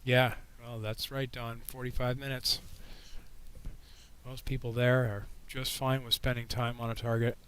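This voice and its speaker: A man hosting a casual livestream with a frog in his throat. He talks in a relaxed, rambling way and answers viewers' questions with a microphone right at his mouth. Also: mid-range voice, unhurried, smooth, rough recording. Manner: relaxed, rambling, reading chat questions aloud. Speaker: astronomy livestream host. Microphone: microphone held right in front of his mouth.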